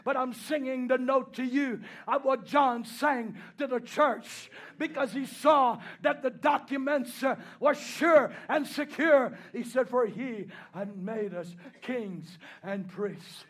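A man preaching a sermon, swinging between hushed pleading and loud shouted declarations, punctuated by repeated hallelujahs and amens. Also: very high voice, slow pace, few pauses.

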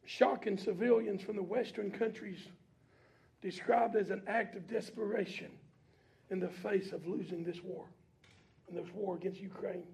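High-voiced gravelly preacher man. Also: fairly even intonation, normal speed. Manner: builds from low reading to shouted preaching; colloquial preaching with call-and-response. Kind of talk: sermon.

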